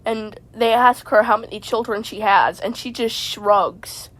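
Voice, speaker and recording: A woman's voice: a little high, fairly even intonation, a little slow. A woman vlogger telling a rambling comedic story from inside a parked car, stammering and tacking "man" onto her sentences.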